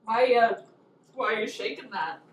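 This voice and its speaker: A woman co-hosting a casual hot wing interview at home, talking in an animated, ranting way. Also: a little high, moderate pace, a little hiss or hum. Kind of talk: casual chat. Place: home room. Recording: echoey room, mic far off.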